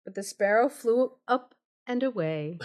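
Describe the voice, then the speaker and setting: A woman's voice: a little high, lively intonation, measured pace, a little mellow. A woman telling a fairy tale on a live stream, narrating steadily and breaking off for playful, giggly asides. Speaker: storyteller, podcast co-host.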